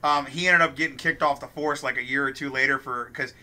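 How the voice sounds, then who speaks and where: A young man from Ohio telling a wild story while playing a game, swearing constantly and animated. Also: mid-range voice, fairly quick. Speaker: let's play co-host. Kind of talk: profane storytelling during a game.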